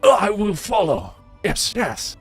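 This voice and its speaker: A man's voice: high voice, wildly swooping pitch, unhurried, gravelly, a bit bright, soft background music, voice pushed up, heavily acted. A man voicing his adventurer character, who speaks in hesitant, broken phrases to strangers. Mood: placating.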